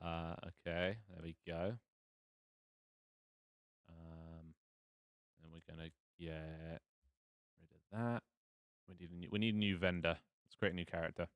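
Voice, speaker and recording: A man's voice: sits low, steady tone, measured pace, pauses often, no room sound, studio quality. A man as game master, narrating a tabletop game on a casual live stream in a rambling, self-mocking way with fillers and swearing.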